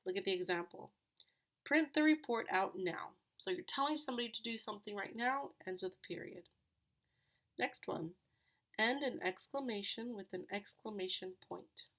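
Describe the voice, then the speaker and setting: A woman's voice: mid-range voice, normal speed, fairly bright tone. Patient woman teaching third grade. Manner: patient, explains step by step with questions. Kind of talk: recorded classroom lesson.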